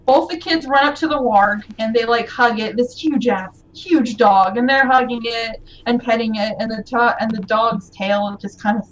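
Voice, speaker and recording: High-voiced woman game master. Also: moderate pace, few pauses, distant mic, poor audio. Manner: casual, with frequent fillers. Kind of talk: narrating a tabletop game.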